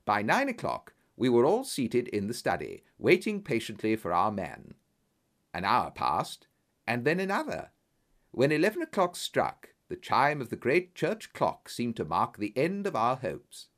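A man narrating an audiobook in an expressive storytelling manner. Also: medium pitch, unhurried.

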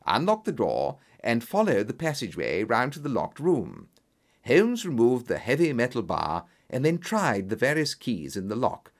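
A man narrating a detective story in a measured, expressive way, voicing each character in turn. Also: medium pitch. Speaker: audiobook narrator.

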